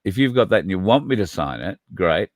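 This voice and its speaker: A man's voice: sits low, big pitch swings, fairly quick, dry recording, studio quality. A man hosting a livestream, talking casually and rambling, addressing viewers by name. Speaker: podcast host.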